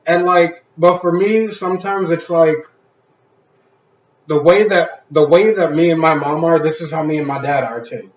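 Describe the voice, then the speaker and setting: Man telling an animated story, echoey room. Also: fairly high pitch, moderate pace. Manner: animated storyteller acting out quotes, swears freely. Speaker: podcast co-host. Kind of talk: casual chat. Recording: echoey room, dull sound.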